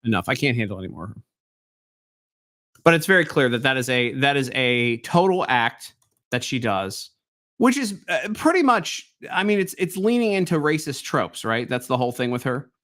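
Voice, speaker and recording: A man's voice: mid-range voice, very animated, moderate pace, fairly bright tone. A man hosting a live stream, reacting to clips in a rambling, incredulous way. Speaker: host.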